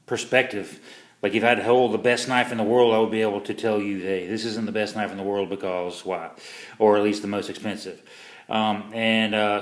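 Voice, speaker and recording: A man's voice: fairly low pitch, roomy sound. A man reviewing a pocket knife in a casual vlog, rambling and self-deprecating, with lots of fillers and restarts.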